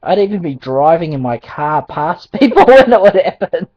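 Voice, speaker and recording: A man's voice: on the high side, very animated, moderate pace, no echo. A man telling a personal faith testimony in a rambling, hesitant way, full of ums and restarts and frequent chuckles. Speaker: Christian testimony speaker. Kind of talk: casual spoken testimony. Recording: dull dry lo-fi recording.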